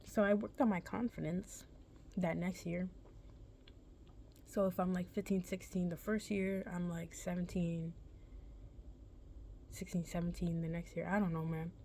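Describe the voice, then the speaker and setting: A woman's voice: fairly low pitch, flat delivery, a little slow, long pauses, darkish tone, slight background noise. A young woman vlogger casually telling a personal story, rambling and correcting herself in a laid-back, chatty way.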